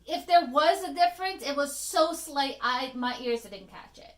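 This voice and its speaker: A woman who grew up speaking Spanish, co-hosting a casual podcast in an animated, opinionated way. Her voice sits high. The room around her is echoey. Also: moderate pace. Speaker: podcast co-host. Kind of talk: casual chat.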